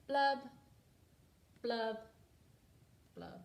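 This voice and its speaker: A woman's voice: a little high, sing-song, takes it slowly. A woman reading aloud and voicing a glum, pouty male fish with a mopey sing-song refrain. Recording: roomy echo.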